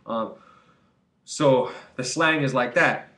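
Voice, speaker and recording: A man's voice: medium pitch, slow, sharp tone. A young man talking straight to camera in a loose, rambling monologue, earnest and full of fillers. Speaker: vlogger. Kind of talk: casual to-camera advice monologue.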